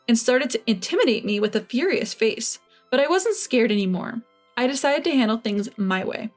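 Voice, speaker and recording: Woman, first-person revenge story narration, smug, matter-of-fact, fairly high voice, faint background music. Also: animated, moderate pace.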